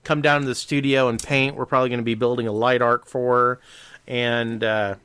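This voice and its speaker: Animated man hosting a podcast chat. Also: mid-range voice, brisk, clean tone, no room sound. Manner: animated storyteller, mimics others with raised voice. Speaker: podcast host. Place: workshop studio, indoors.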